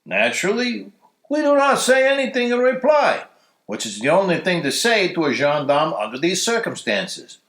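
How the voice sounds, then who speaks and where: A man reading a story aloud for a church story hour, telling it in a lively, expressive way, recorded in a church. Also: high voice, normal speed, echoey room. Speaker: story reader.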